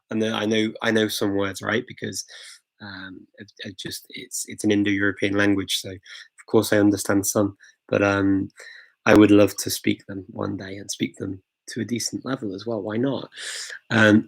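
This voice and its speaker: This English livestream host fields viewer questions with casual enthusiasm, peppering his talk with ums and false starts. His fairly low voice barely moves in pitch, has vocal fry, runs at normal speed, and comes through a low-quality recording.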